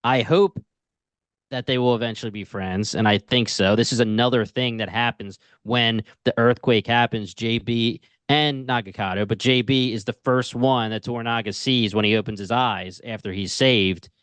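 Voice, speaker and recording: A man co-hosting a casual TV review podcast, retelling scenes in an animated, slangy way. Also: mid-range voice, normal speed, no room sound. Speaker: podcast co-host.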